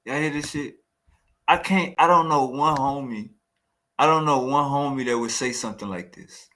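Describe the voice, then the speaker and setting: A man's voice: medium pitch, moderate pace, sharp tone. A man hosting a reaction video, commenting in a slangy, repetitive and mocking way on a debate clip. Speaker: reaction host.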